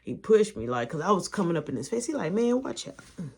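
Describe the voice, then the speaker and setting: A woman telling an animated story in a casual, slangy way, acting out the action with sound effects and quoted lines. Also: sits low, fast talker, husky.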